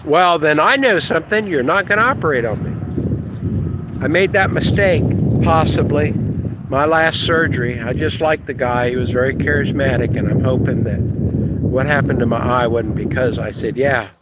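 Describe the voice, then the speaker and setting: A man who runs an internet marketing business, talking casually to camera in an excitable, blunt, rambling way with mild swearing. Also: mid-range voice, normal speed, heavy background noise.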